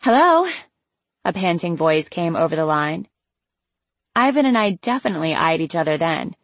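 A woman reading an audiobook, voicing an excitable young woman, a teasing best friend who talks loudly with plenty of exclamation. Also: on the low side, moderate pace, dry recording. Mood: breathless teasing. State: out of breath. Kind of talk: audiobook character voice.

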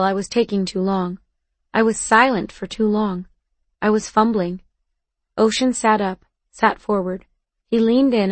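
A woman's voice: mid-range voice, no echo. A woman narrating a first-person novel aloud in an intimate, emotional, confessional way. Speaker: audiobook narrator.

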